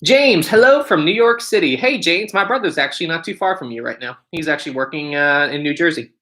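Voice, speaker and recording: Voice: medium pitch, animated, a little fast, sharp tone. Chatty upbeat livestream host from America. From United States. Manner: chatty, upbeat, greets viewers one by one. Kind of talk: live stream chat, reading viewer comments aloud.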